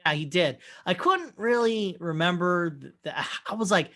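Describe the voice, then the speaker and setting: A man's voice: sits high, very animated, normal speed, hardly any pauses, a bit bright. Rambling, profane male podcast co-host. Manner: rambling, profane storyteller who acts out quotes. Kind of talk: casual chat. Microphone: remote call mic.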